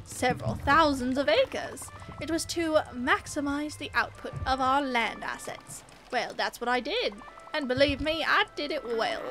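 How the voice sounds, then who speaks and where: A woman's voice: sits high, fairly bright tone. Woman reading a chatty old uncle frog. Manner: boastful, reminiscing.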